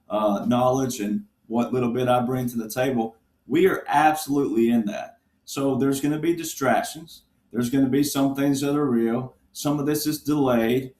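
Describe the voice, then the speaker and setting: A middle-aged man talks at a medium pitch as a veteran panel guest. He rambles and circles back, repeating himself and jumping between emphatic asides. His voice rings with a noticeable room echo. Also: a little mellow. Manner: digressive, repetitive, emphatic asides. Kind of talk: rambling political commentary. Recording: roomy echo.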